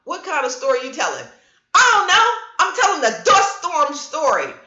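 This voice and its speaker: A middle-aged woman hosts a casual livestream from home, chatting with viewers and acting out her stories. Her voice is bright and forceful. The sound is roomy and a bit muffled, like a webcam mic in an echoey room. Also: high-pitched, moderate pace. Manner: animated storyteller, reads viewer comments aloud. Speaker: livestream host. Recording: roomy, dull lo-fi stream audio.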